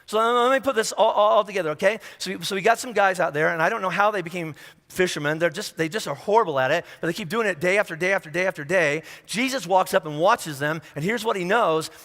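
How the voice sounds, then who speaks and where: A man's voice: sits high, fast talker, fairly bright tone. A man preaching a sermon in a conversational, humorous way, acting out little scenes as he talks. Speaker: pastor. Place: large church hall. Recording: echoey church hall.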